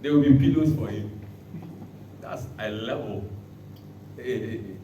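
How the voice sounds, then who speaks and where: Animated preacher in an echoey hall. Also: male voice, mid-range voice, moderate pace, long pauses, recorded from a distance. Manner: animated preaching with sudden shouts and dramatic quotes. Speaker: pastor. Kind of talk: sermon.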